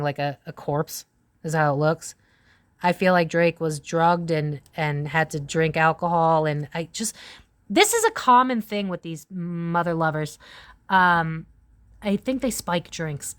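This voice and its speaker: Lower-voiced woman giving a rambling tarot reading. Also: smooth. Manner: rambling, profane, full of "it's like" asides. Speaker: tarot reader. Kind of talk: casual psychic tarot reading monologue.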